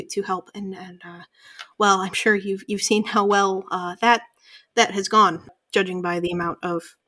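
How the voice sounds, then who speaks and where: A woman's voice: mid-range voice, lightly acted. A woman voicing an elderly owlfolk innkeeper woman, eager to please and prone to hesitating mid-sentence. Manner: warm fussy hostess, frequent hesitations.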